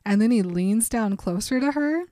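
A woman's voice: a little high, expressive, moderate pace, warm tone, no echo, clean studio sound. A woman co-hosting a casual chat, reading a novel aloud and giving its dialogue light acting. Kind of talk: reading a book aloud and chatting.

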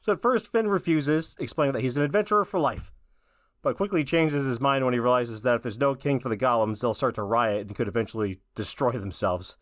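A man's voice: mid-range voice, a little fast, no room sound, clean studio sound. A man co-hosting a podcast, recapping a cartoon episode in a laid-back, rambling way, with a lot of "like.". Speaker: podcast co-host. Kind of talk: casual episode recap chat.

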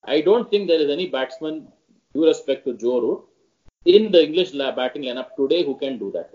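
A man joining a podcast as a guest, talking about cricket in an animated way and repeating phrases for emphasis. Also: a little high, a little fast. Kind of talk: casual cricket discussion. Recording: dull lo-fi audio.

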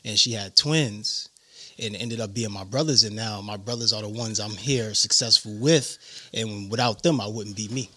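A man from New York with a New York accent, a guest telling his life story in an animated way. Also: lowish voice, moderate pace. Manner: animated storyteller, acts out quotes. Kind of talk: casual interview storytelling.

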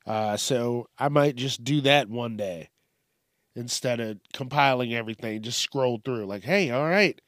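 A man's voice: mid-range voice, steady tone, measured pace, a bit bright, no echo, studio quality. A young man ranting profanely and sarcastically while hosting a casual news commentary podcast. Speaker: podcast host.

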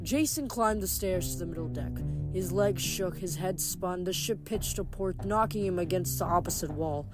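A person reading a novel aloud after a short recap, in a steady, plain delivery with the odd self-correction. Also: mid-range voice, normal speed, music in the background. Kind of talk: fan audiobook reading with recap.

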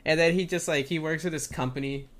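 A man co-hosting a casual comedy chat, telling animated stories and acting out quotes. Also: fairly high pitch, fast. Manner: animated storytelling with acted-out quotes. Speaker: co-host.

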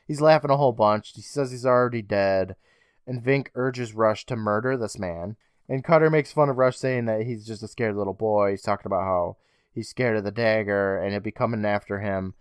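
A man's voice: fairly low pitch, a little fast, clear, resonant tone, no echo, clean studio sound. A young adult man co-hosting a podcast, recapping a TV episode in a wry, profane, casual way. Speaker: podcast co-host.

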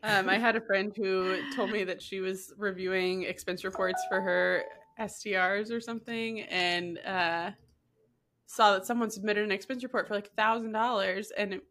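A woman's voice: medium pitch, fairly even intonation, moderate pace, creaky, fairly bright tone. A woman podcast host in casual chat, telling a wry story and passing a warning on to listeners.

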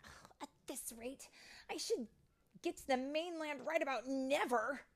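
A woman voicing an eager young female fairy in a read-aloud storybook, pitched high and pleading. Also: huge pitch swings, slow pace, full character voice.

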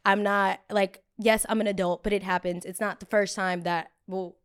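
A young woman in her twenties hosting a podcast, telling a story in a candid, animated way and swearing freely. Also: medium pitch, moderate pace, smooth. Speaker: podcast host. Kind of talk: casual confessional storytelling.

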